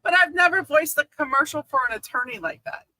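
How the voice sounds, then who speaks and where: Woman co-host, high bright voice, playful and defensive. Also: expressive, quick pace, dry recording, low-quality recording. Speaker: radio co-host and voiceover artist. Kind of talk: casual studio banter.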